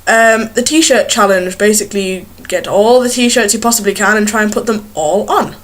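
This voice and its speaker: In a small bedroom, a young woman speaks to her webcam at normal speed and medium pitch. Her casual vlog talk is rambling and giggly, with plenty of self-mockery.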